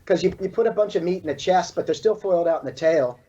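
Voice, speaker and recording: A man's voice: fairly high pitch, warm tone, breathy edge. A man from California, a surfboard shaper, chatting loosely in an interview with lots of "like" and "you know". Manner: fast, loose talk full of "like" and "you know". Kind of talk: casual interview chat. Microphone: video call. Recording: dull, lo-fi video call audio.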